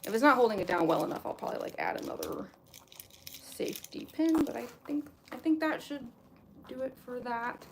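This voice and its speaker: A young woman chats casually as she gets ready on a livestream, her voice a little gravelly and her words full of fillers and restarts. She later speaks with a slight lisp from costume teeth. There is a faint hum behind her. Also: fairly high pitch, big pitch swings, a little fast. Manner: rambling, many fillers and restarts, chuckles often. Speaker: cosplayer livestream host. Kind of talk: casual chat while getting into costume.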